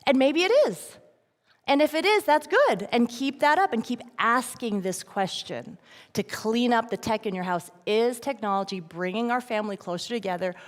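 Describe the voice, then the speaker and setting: Middle-aged woman, guest speaker, expressive, higher voice, long church-hall reverb. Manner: expressive, acts out voices in quotes. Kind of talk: animated talk to parents.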